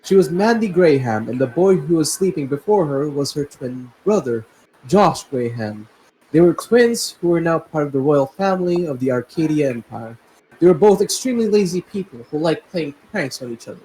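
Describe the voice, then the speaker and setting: A man's voice: on the high side, animated, normal speed, mellow, a little hiss or hum, low-quality recording. A young man hosting and narrating a casual story reading, breaking off for joking, laughing asides. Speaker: host and narrator.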